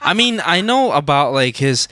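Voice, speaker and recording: A man's voice: on the high side, sing-song, normal speed, sharp tone, dry recording. A man hosting a casual podcast chat, laid-back and slangy, dropping "bro" often. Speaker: podcast host.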